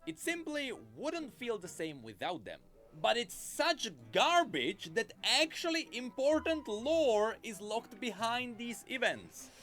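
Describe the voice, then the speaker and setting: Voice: medium pitch, big pitch swings, takes it slowly, a bit bright, soft background music. A video essayist giving opinionated, emphatic commentary from a script.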